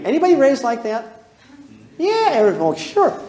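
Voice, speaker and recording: A man's voice: sits high, huge pitch swings, fairly quick, a little mellow. Older man teaching parenting in an echoey room. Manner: plain-spoken, asks the audience questions. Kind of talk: folksy storytelling lecture.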